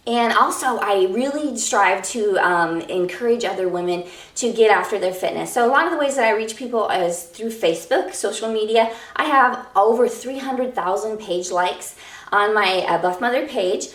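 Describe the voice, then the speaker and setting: Upbeat woman with a Minnesota accent, fitness business owner pitching herself, recorded off-mic in a roomy space. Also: moderate pace. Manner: upbeat, self-promoting. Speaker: fitness entrepreneur. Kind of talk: casual self-introduction to camera. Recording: roomy, from a distance.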